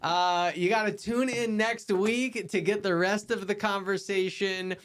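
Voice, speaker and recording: A man's voice: high-pitched, steady tone, measured pace, fairly bright tone, clean tone. A man hosting a podcast, wrapping up the interview in an enthusiastic, slangy, casual way. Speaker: podcast host.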